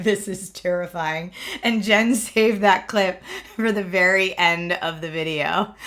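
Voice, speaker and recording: Woman in her thirties, bright voice, chatty livestream host, frequent laughs. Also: mid-range voice, unhurried. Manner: chatty, laughs often, fills with "like". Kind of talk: casual livestream chat.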